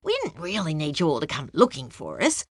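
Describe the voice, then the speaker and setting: A woman's voice: lively intonation, normal speed, a bit bright, no room sound, clean studio sound. A woman voicing a brave, indignant young girl calling for help in a storm. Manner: high urgent cries.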